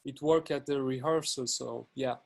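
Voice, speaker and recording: A man's voice: medium pitch, steady tone, normal speed, vocal fry. A man moderating a webinar who gives brief, helpful directions over a video call.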